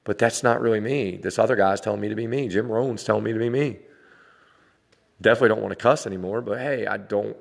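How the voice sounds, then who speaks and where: A man in his forties delivers a blunt, swear-laden vlog rant with a low, gravelly voice. His words ring out with a long reverb, as if spoken in a hard, echoing room. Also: fairly bright tone. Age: 40s. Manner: blunt, swearing, laughing between lines. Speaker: vlogger dad. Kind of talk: casual rant to camera.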